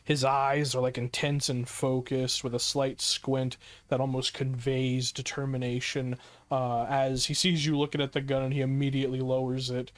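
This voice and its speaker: A man's voice: mid-range voice, little pitch movement, moderate pace. A man narrating as game master in a tabletop game, describing scenes with many fillers.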